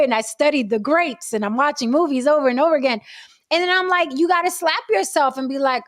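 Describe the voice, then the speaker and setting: A woman, an actress, talking in a casual panel chat in an animated, theatrical way, swearing freely. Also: high voice, quick pace, dry recording, studio quality.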